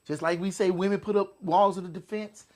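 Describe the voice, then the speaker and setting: A man's voice: high-pitched, fairly even intonation, brisk, a crowd in the background. A man co-hosting a casual show, speaking earnestly about what he has seen. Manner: agreeing, earnest. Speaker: podcast co-host. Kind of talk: casual chat.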